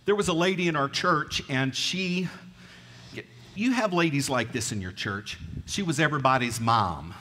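In a reverberant church sanctuary, a middle-aged Southern pastor with a twang preaches a folksy storytelling sermon, quizzing the congregation. His voice is fairly high, bright and pushed, animated at a moderate pace.

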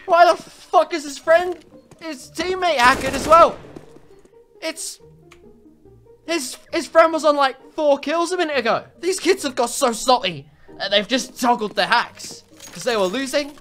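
A woman doing ranting game commentary, loud, profane and mocking, swinging between shouting and muttering. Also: sits high, a little slow. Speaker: gaming commentator. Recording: voice over loud background music. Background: background music.

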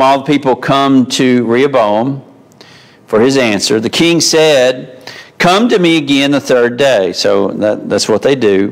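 A man leads a church Bible class at an unhurried pace. He talks in a folksy, conversational way and puts questions to the class. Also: mid-range voice. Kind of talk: mid-week Bible class lesson.

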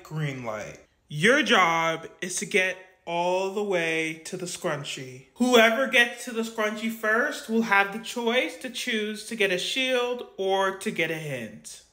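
A woman voicing the host of a toy reality game show, announcing in a drawn-out way. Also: medium pitch, pushed and bright, voice pushed down.

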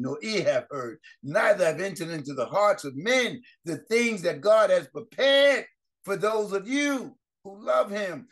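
Male pastor, fervent prayer-line sermon, rather high voice, repeats and restarts phrases. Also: fairly bright tone. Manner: fervent preaching with repeated exclamations and rising emphasis.

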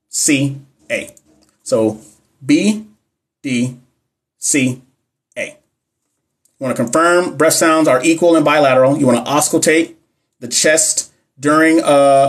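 Fast-talking man, casual live-stream host, slangy, chats with viewers. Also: mid-range voice. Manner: fast-talking, talks fast all the time; slangy, addresses chat directly. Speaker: nurse educator hosting a live stream.

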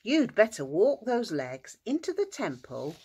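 A woman's voice: medium pitch, wildly swooping pitch, unhurried, darkish tone, breathy edge, voice pushed up, exaggerated voice. A woman voicing a stern male temple priest who speaks curtly.

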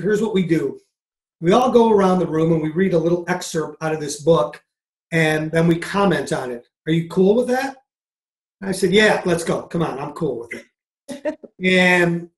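Man, mindset coach, storytelling, acts out voices, fairly high voice, roomy echo. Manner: animated, acts out dialogue in anecdotes. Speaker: podcast guest, mindset coach. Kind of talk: storytelling interview answer.

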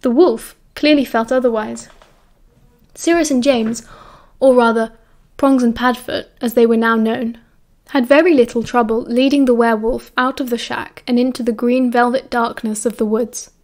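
A woman with a British accent reading a novel aloud as an audiobook narrator, in a measured, steady way. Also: fairly high pitch.

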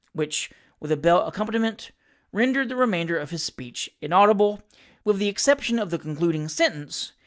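An audiobook reader telling a classic comic novel aloud with expressive storytelling. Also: mid-range voice.

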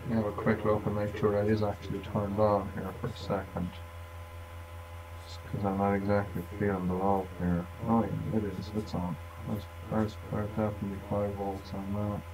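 Male, relaxed self-talking tinkerer, low-ish, recorded from a distance with faint background noise. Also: normal speed. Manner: rambling, self-talking, wry asides. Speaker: electronics tinkerer demonstrating. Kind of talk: casual thinking-aloud workbench demo.

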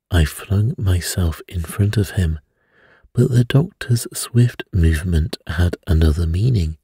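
A man narrating a bedtime story in a slow, hushed storytelling manner. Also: sits low, husky, dry recording, studio quality.

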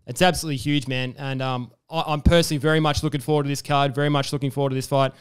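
A man's voice: mid-range voice, steady tone, racing, clear, resonant tone. A young man hosting a sports podcast, chatty and enthusiastic, with lots of fillers. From Australia. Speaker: podcast host. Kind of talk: casual sports interview.

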